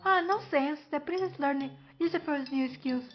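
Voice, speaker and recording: A woman's voice: high voice, normal speed, lightly acted. A woman voicing a mischievous, teasing woman who enchants a broom, in a sing-song, mocking way. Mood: gleefully mocking. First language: Portuguese. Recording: muffled with faint music.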